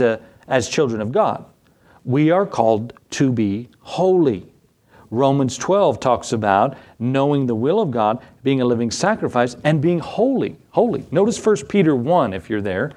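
A man's voice: mid-range voice, big pitch swings, moderate pace, a little mellow. A man pastor giving conversational Bible teaching in a folksy way, often asking his listeners rhetorical questions.

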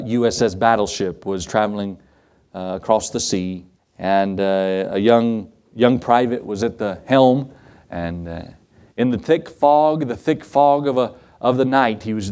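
With a fairly low, darkish, clear and resonant voice at a moderate pace, a man delivers a sermon as pastor. He's earnest and folksy, chuckles a lot, and uses emphatic repetition with a rising preaching cadence.

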